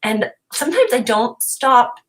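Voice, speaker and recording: An animated woman in her thirties chats through a casual home livestream, her pitch leaping up and down as she tells a family story. She laughs easily and puts on high little voices when she quotes her kids. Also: unhurried. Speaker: mom vlogger.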